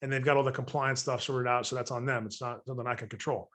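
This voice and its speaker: A man's voice: mid-range voice, fairly even intonation, fast talker, fairly bright tone. A man coaching real estate investors in a long webinar training. He jokes with his audience and acts out sample phone calls.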